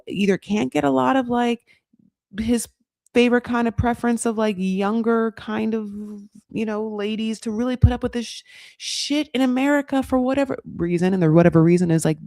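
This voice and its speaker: A woman hosting a comedic reality TV recap, sarcastic and animated, swearing freely. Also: fairly high pitch, no room sound, clean studio sound. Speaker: host.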